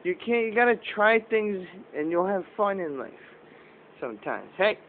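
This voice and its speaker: A man's voice: sits high, big pitch swings, moderate pace. A father talking to his toddler at home in a playful, coaxing way during a home video. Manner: coaxing, playful baby talk. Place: family home, indoors. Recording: tinny phone-like audio, noisy.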